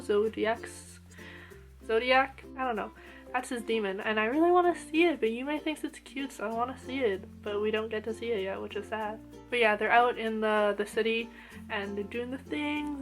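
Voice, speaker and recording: A young woman with a fairly high voice reviews an anime episode in a loose, animated way. She gushes, with plenty of "like" fillers. Faint music plays quietly behind her. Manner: gushing and animated, lots of "like" fillers.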